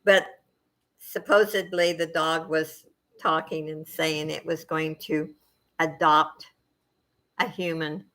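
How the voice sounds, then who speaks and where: A middle-aged woman hosting a casual chat with her viewers, soft-spoken and emotional, wandering from thought to thought with many fillers. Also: sits low, little pitch movement, slow, pauses often. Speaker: channel host chatting with viewers.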